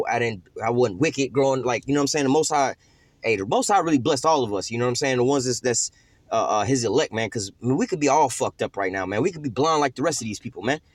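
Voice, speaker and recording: A young man preaching, his talk rambling, profane and full of slang. He speaks quickly, in a voice a little higher than most men's. The recording is close and dry, with no room around it. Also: no room sound. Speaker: scripture teacher. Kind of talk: informal sermon.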